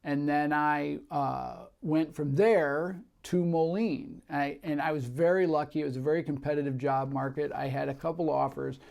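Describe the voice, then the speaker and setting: Middle-aged guy, bit of fry in the voice, chatting about his career, lots of uhs and restarts. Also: fairly high pitch, normal speed, hardly any pauses. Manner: relaxed, many fillers and restarts. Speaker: marketing director. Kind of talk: interview, career story.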